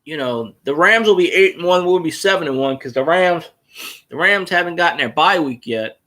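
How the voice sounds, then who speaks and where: A high-voiced man rants through a casual solo stream, his pitch swinging widely as he swears his way through rambling stories. His tone is bright and sharp. He talks like a loud, opinionated fan holding court. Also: normal speed. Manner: profane, rambling, animated storytelling. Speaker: fan show host. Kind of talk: casual solo livestream chat.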